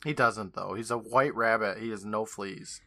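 A man's voice: on the low side, moderate pace, pushed and bright. A man co-hosting a podcast who reacts to a TV episode with incredulous, joking comments. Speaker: podcast co-host.

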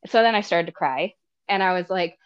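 A woman talking as a podcast guest, telling personal stories in an animated, casual way and laughing often. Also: lowish voice, brisk, clear, resonant tone, dull audio. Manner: animated, laughs often, acts out quoted people. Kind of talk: casual storytelling chat.

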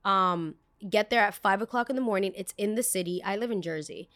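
A young adult woman hosts a podcast, telling a story casually with lots of fillers, tangents and blunt swearing. Her voice is mid-range and fairly bright, and she talks fairly quickly.

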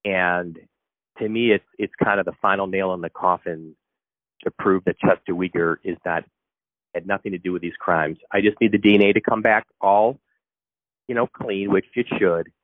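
A very deep-voiced man speaking over a thin, phone-like line that sounds dry and close. He is the podcast host, emotional and effusive as he reacts to what he hears. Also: steady tone, normal speed, no room sound.

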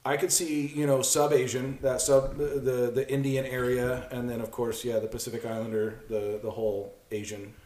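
A man's voice: mid-range voice, flat delivery, moderate pace, hardly any pauses, a little mellow. A man co-hosting a podcast in casual chat, joking and laughing often. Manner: jokey, laughs often, does silly voices. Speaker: podcast co-host. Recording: echoey room.

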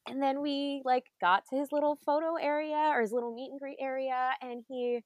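A woman telling an excited story in casual chat, full of "like" and quoted asides. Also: high voice, fairly quick, no room sound.

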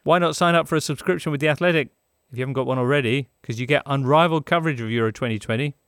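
A man's voice: mid-range voice, racing, a bit bright, smooth, no room sound, studio quality. A man hosting a podcast, reading ads in a jokey, playful way. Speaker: podcast host. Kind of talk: casual podcast chat and ad read.

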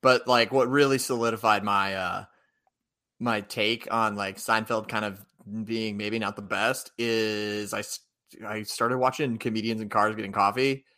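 A young man hosts a casual podcast chat. His voice is bright and forward, and he rambles with lots of fillers and restarts. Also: on the low side, fairly even intonation, measured pace. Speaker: podcast host.

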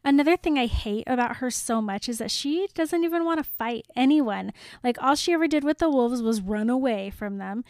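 A woman's voice: fairly high pitch, dry recording, clean studio sound. A woman co-hosting a podcast, chatting about a book and reacting with strong opinions. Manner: expressive, quick to react. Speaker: podcast co-host. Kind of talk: casual book chat.

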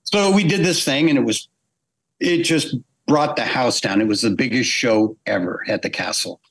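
Man spinning an animated anecdote. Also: medium pitch, moderate pace. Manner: animated storyteller acting out quoted voices. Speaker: guest animator. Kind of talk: storytelling in a podcast interview.

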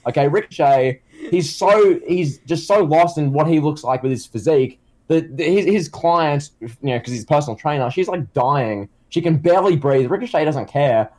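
A man's voice: a little high, moderate pace, a little mellow. A man co-hosting a casual comedy chat who tells rambling stories full of fillers and restarts. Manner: rambling, filler-heavy storytelling. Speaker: co-host.

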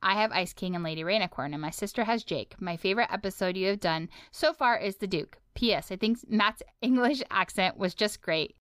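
A friendly woman co-hosting a podcast with a smooth, clear voice. She chats easily and reads listener mail. The sound is dry and close. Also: mid-range voice, a little fast, few pauses, fairly bright tone, no room sound. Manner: friendly, easygoing. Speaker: podcast co-host. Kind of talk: casual chat, reading listener mail.

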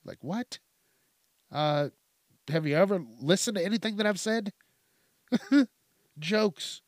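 Young man, fairly high voice, dry close mic, profane rambling comic rant. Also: animated, slow, long pauses, dry recording. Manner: rambling, swears constantly, laughs at his own jokes. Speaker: podcast host.

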